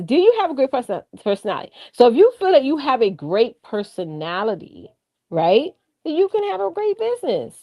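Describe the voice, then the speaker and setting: Lively animated woman chatting to viewers. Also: medium pitch. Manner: animated, chatty, addresses the chat directly, laughs often; drifts off track, repeats key points for emphasis. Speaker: live-stream co-host on branding and AI. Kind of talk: casual live-stream coaching talk.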